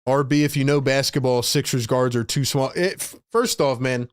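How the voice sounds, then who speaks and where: Man, live-stream basketball commentator, exasperated fan reactions, mid pitch, dry close sound. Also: fairly even intonation, normal speed, clear, resonant tone, no room sound. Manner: frustrated, exasperated, chats to viewers.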